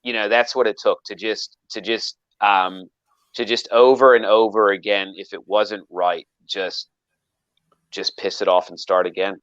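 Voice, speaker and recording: A man's voice: fairly low pitch, a little slow, no echo, lo-fi sound. A man telling a long story in casual chat, rambling with frequent restarts and acting out quoted lines. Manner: rambling with many restarts, animated quoting. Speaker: knifemaker guest.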